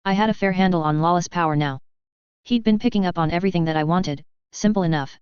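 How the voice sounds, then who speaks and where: Brief: woman storyteller, lowish pitch, lo-fi dull recording, steady narration. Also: fast talker, smooth, dry recording. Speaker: reader. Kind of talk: audiobook reading of fan fiction.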